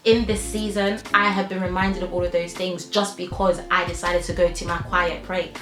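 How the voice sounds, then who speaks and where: A woman's voice: on the low side, little pitch movement, normal speed. A young woman, talking to camera in an emotional vlog, heartfelt and emphatic, often laughing through tears. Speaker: YouTuber. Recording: echoey room with faint music.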